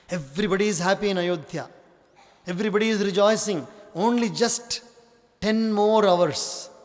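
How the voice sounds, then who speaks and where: A man giving a spiritual discourse, emphatic and repeating key phrases. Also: high voice. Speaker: spiritual teacher. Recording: long hall reverb.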